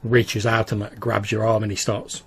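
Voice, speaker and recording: A man running a tabletop game, his voice slightly gravelly. He narrates haltingly, stacking fillers and restarts as he describes each scene. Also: fairly low pitch, little pitch movement, background noise. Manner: hesitant, many fillers. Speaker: game master.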